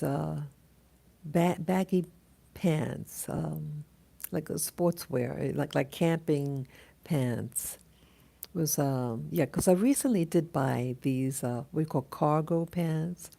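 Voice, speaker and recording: A woman telling a dream in a casual, halting monologue, full of restarts and fillers as she greets viewers of her live stream. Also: deep voice, creaky, mellow. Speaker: vlogger recounting a dream.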